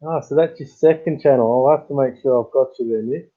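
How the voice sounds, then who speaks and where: Australian male streamer, rambling casual chat, tinny phone-line sound. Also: a little fast. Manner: rambling, greets chat viewers with sudden high-pitched bursts. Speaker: live stream host.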